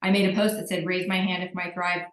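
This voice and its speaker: A woman's voice: lowish voice, little pitch movement, quick pace, reverberant, poor audio. A woman telling her story candidly on a group call, acting out what people said. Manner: candid, self-mocking storyteller who acts out quotes.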